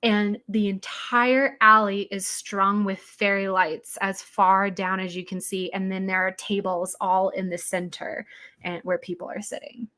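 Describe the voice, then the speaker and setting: A woman's voice: mid-range voice, level tone, unhurried, bright, forceful tone. A woman who talks in a chatty way with many fillers and asides, narrating as game master.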